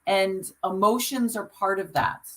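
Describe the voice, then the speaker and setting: An earnest woman on a podcast, speaking at an ordinary mid pitch. She talks like a coach, urging listeners on in casual conversation and often restarting her sentences. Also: fairly even intonation, a little slow, a bit bright, low-quality recording. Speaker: podcast co-host.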